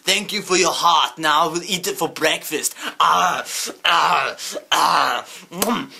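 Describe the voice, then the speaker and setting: A man's voice: fairly high pitch, slow pace, creaky, sharp tone, husky, exaggerated voice. A man doing a boastful muscle-bound action-star governor. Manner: clumsy exaggerated accent impression, boasting. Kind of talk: comedy sketch improv.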